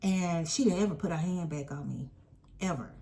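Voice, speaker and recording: A woman casually telling a personal story in an animated, emphatic way. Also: fairly low pitch, moderate pace. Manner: animated, emphatic retelling with quoted voices.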